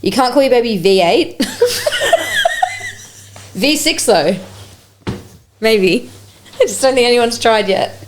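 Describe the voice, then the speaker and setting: A woman's voice: a little high, expressive, slow pace, pauses often, slight background noise. A young Australian woman hosting a podcast in loose, giggly casual chat, swearing freely. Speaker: podcast host.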